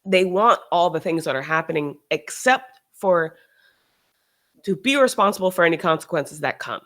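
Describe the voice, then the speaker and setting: A host talking casually on a livestream, animated and sarcastic, often restarting sentences and trailing off. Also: mid-range voice, normal speed. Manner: animated, sarcastic, shifts into mocking quoted voices.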